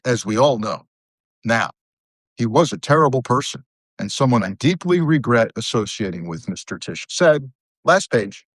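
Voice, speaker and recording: A man's voice: mid-range voice, dry recording. A middle-aged man from Southern Connecticut hosting a live stream, reading news items aloud and breaking off for sarcastic asides.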